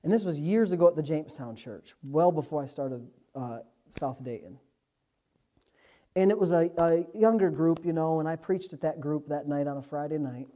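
A man preaching a sermon as pastor, impassioned, moving from quiet asides to loud exhortation. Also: on the high side, moderate pace.

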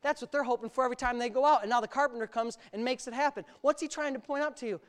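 A male pastor preaching an animated sermon, exclaiming often and laughing through his stories. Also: very high-pitched, racing.

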